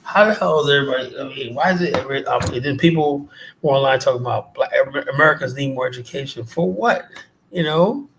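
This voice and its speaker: Fast and full of vocal fry, his medium-pitched voice comes with background noise. He's a livestream host from South Jamaica, Queens, New York, ranting in a loose, profane, mocking ramble.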